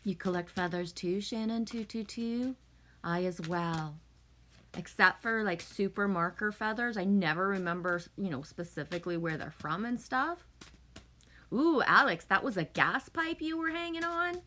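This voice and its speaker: Woman streamer, loose and chatty, sweary, reading out comments, bright voice. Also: medium pitch, expressive, moderate pace, a little hiss or hum. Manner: chatty, swears often, sometimes refers to herself as "me". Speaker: live streamer chatting with viewers. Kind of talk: casual live-stream chat.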